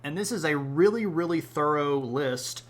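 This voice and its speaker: A man's voice: fairly high pitch, expressive, normal speed. A man from the Southern United States giving a casual, rambling live-streamed history lecture, breaking off to chat with his audience. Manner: rambling, chatty, responds to chat with asides.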